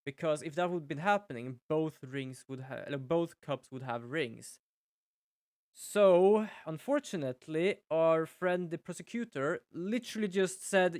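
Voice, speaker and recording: A man's voice: a little high, lively intonation, a little slow, dry recording, clean studio sound. Chatty young man streaming a game. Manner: chatty, rambling, self-deprecating. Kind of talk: casual gameplay commentary.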